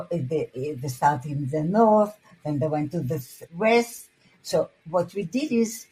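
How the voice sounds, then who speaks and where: A husky, fairly low-pitched older woman gives personal testimony. She speaks haltingly and often restarts her words as she recalls events. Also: mellow, low-quality recording. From Hungary. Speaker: interviewee.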